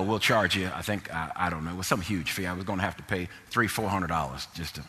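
A man preaching a sermon through a personal story, dropping to low murmurs and rising to loud exhortation. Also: breathy edge, big-room sound.

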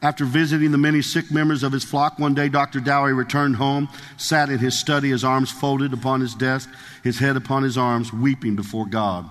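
A man's voice: mid-range voice, little pitch movement, fairly quick, a bit bright. Give me a male preacher reading a story from the pulpit, earnest and emphatic, with long hall echo. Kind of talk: sermon, reading a story aloud.

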